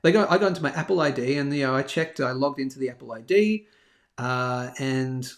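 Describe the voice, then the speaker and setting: A man's voice: medium pitch, fairly quick. Chatty man telling a story. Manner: chatty, self-deprecating, rambling storyteller. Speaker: host of a daily live bullion show. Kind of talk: casual live-stream chat. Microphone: live stream over a phone hotspot.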